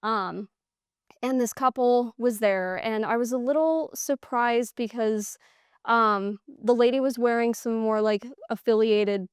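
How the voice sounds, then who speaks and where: A woman's voice: fairly high pitch, unhurried, clean tone, dry recording, studio quality. A young woman telling hunting stories in a casual interview, acting out quoted exchanges and laughing often. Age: young adult. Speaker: guest, hunter.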